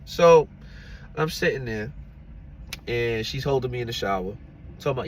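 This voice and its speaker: A man's voice: medium pitch, animated, moderate pace, long pauses, slight background noise. Chatty man telling a personal story. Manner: chatty, laughing, peppered with "you know what I'm saying". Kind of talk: casual storytime.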